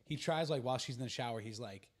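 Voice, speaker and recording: A man's voice: medium pitch, quick pace, a little hiss or hum. A man hosting a casual podcast chat, retelling a film's plot in a rambling way, acting out the characters' lines and swearing freely. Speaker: podcast host.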